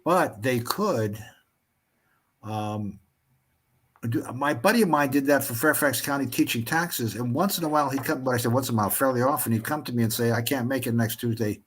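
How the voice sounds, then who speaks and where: A man's voice: medium pitch, brisk, fairly bright tone, slightly rough. A man chatting casually on an online show, telling stories in a rambling way with many restarts. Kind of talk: casual chat, storytelling.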